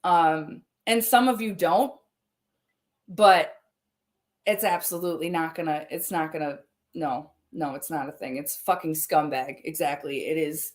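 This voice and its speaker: A woman hosting a livestream, speaking in a heated, confrontational way and swearing often. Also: low voice. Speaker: livestream host. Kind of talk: angry livestream address.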